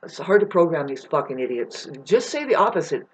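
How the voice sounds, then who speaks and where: A man's voice: on the high side, sing-song, a little fast, noisy background. Brief: male vlogger, rambling profane rant, loose and scattered delivery. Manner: rambling, swears a lot, jumps between topics, restarts.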